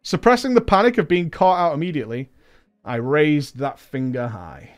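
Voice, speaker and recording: A man's voice: on the high side, animated, moderate pace, soft background music. A man reading a story aloud with comedic commentary, breaking off for mocking, sweary asides. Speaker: podcast host reading a listener story.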